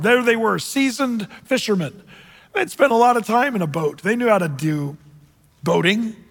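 A male pastor preaching a sermon in a church, telling stories dramatically and dropping from loud to hushed. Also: high voice. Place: church sanctuary with congregation. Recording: long reverb in a large hall.

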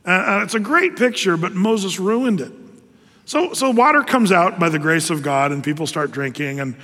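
A man preaching a sermon, telling the story lively with acted asides. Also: high voice, normal speed, big-room sound.

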